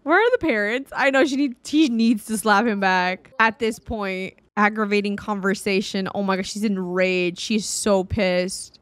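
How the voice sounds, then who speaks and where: A woman giving casual, chatty commentary while streaming a life-sim game, exclaiming and reacting loudly. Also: mid-range voice, normal speed, few pauses, no echo. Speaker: gaming streamer. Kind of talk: casual let's-play commentary. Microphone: desktop studio mic.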